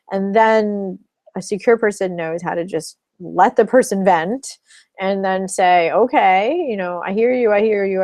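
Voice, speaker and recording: A woman working as a relationship coach, teaching in a webinar in a calm, explanatory way and acting out example phrases. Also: mid-range voice, dry recording.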